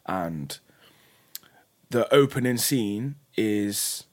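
A young man chatting casually and telling a story in a sweary, animated way. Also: lowish voice, drawn-out words, no room sound. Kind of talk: casual chat.

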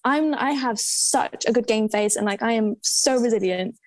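A young woman talks in a casual chat and acts out the people in her stories. Her voice sits fairly high. The sound is dry, with little room around it. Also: moderate pace, no echo. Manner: animated storyteller, acts out quoted voices.

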